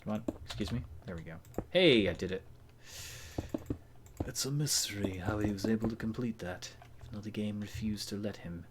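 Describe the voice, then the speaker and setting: Streamer guy, lowish voice, rambly self-talk, keyboard clicking faintly behind. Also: moderate pace, noisy background. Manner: rambling, talks to himself, chuckles often. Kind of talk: casual live-stream commentary while building in a game.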